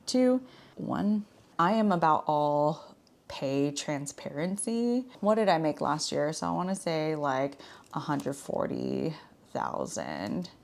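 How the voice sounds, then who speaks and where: A woman in her thirties talks to camera in a casual, frank vlog style, her speech loose and full of filler words. Her voice sits a little low for a woman. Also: big pitch swings, takes it slowly, gravelly, darkish tone. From Washington state. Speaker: vlogger. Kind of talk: casual chat.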